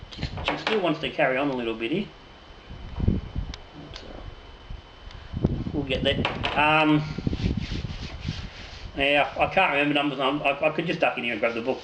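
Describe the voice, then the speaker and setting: A man, a home brewer hosting his own channel, drawing raffle winners and chatting casually, joking and swearing freely. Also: medium pitch. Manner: jokey, swears casually, trails off and restarts. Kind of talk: casual raffle draw and brewing chat. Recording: echoey room with noticeable noise.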